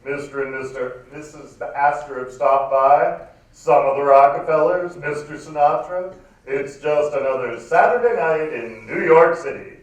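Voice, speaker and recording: A smooth 1950s radio ballroom host, as a man puts him on in a live stage reading, drawing out every line in a silky baritone. The voice sits a touch high and carries a big hall's reverb, caught from a distant camera. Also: lightly acted. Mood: showy, suave. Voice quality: baritone, silky announcer delivery. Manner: loud, drawn-out, showy announcing. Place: large performing arts hall. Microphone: far camera. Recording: echoey hall from far off.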